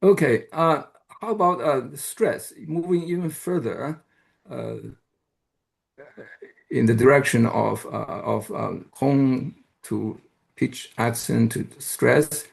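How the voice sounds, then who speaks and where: A man giving an academic lecture who explains step by step, pauses often and checks in with the audience. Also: mid-range voice, creaky. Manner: hesitant, with frequent "uh" and restarts. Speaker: university lecturer.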